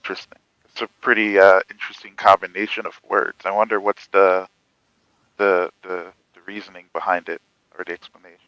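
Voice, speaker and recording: A man in a casual panel chat, talking in a halting, rambling way with many pauses. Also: deep voice, flat delivery, sharp tone, no echo, lo-fi sound.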